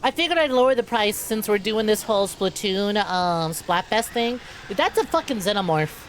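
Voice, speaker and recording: A young woman streaming a game speaks in an animated mid-range voice at normal speed, with a little hiss or hum present. As a VTuber, she keeps things playful and laugh-filled, talking to chat as "y'all."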